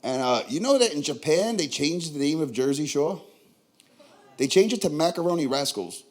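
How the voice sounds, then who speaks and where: A brash young stand-up comic with a Tulare, California accent works the crowd. His voice sits a little high and swings widely in pitch. He talks in a profane, animated way. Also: moderate pace. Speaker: stand-up comedian. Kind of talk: stand-up comedy set. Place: comedy club.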